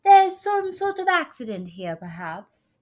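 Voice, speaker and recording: A woman's voice: sits high, big pitch swings, drawn-out words, pitched above the performer's own voice, exaggerated voice. A woman voicing a flamboyant female soap-opera star who speaks in a theatrical fake English accent. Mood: gushing grand.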